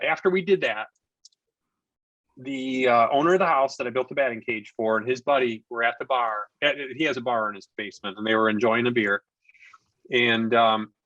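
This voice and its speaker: A man's voice: mid-range voice, no room sound, highs cut off. A man in his forties telling a story as a podcast guest, talking casually and acting out the people he quotes. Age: 40s. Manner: animated storyteller who acts out quoted dialogue. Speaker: podcast guest, investor and contractor.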